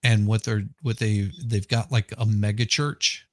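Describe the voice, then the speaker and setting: A man's voice: fairly low pitch, fairly even intonation, measured pace, a little mellow, dry recording. A man chatting casually on a live stream, rambling and restarting as he searches for names. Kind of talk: casual chat.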